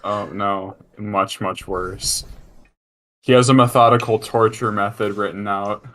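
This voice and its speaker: A man's voice: lowish voice, fairly even intonation, measured pace, fairly bright tone. A man co-hosting a casual commentary chat, blunt and crude, pushing the host to keep reading.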